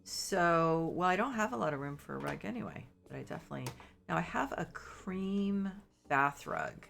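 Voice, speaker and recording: A middle-aged woman streams a game and chats with viewers, sounding congested and sniffly as she rambles, apologizes, and fills her speech with fillers. Her voice sits on the low side with vocal fry and a bit of brightness, animated and at a moderate pace, with soft music behind her.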